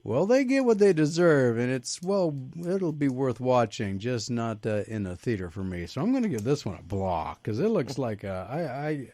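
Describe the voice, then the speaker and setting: A man hosting a movie review chat with a lively, up-and-down voice. The sound is dry and close, and he keeps passing the turn to his co-hosts. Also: medium pitch, normal speed, hardly any pauses, dry recording. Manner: lively, hands turns to co-hosts. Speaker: podcast host.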